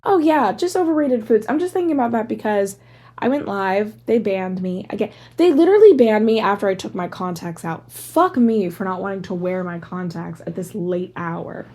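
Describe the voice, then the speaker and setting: A woman's voice: medium pitch, lively intonation, normal speed, dark tone. A woman in her thirties hosting a solo podcast, rambling casually through tangents with lots of "like" fillers. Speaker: podcast host.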